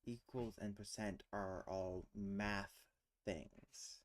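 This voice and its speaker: A man's voice: on the low side, fairly even intonation, takes it slowly. A man streaming alone, thinking aloud as he works through a word puzzle, muttering and trailing off into questions to himself. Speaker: streamer hosting a casual language chat.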